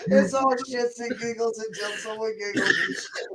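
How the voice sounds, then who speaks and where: A man's voice: very high-pitched, moderate pace, a crowd in the background. A man hosting a casual live chat, reacting loosely with exclamations and casual swearing.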